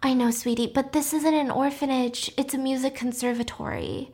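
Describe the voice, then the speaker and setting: A kindly middle-aged woman who speaks softly and soothingly yet will not budge, as a woman puts her on. Her tone stays quiet and consoling throughout. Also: high voice, steady tone, moderate pace, breathy edge. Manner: soft and consoling.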